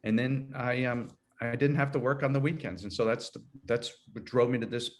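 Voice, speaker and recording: A man's voice: mid-range voice, steady tone, a little fast, slight background noise. A man in his sixties, an HR consultant, talking through his career in a rambling, self-correcting way and laughing easily. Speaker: guest, HR consultant. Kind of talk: conversational interview.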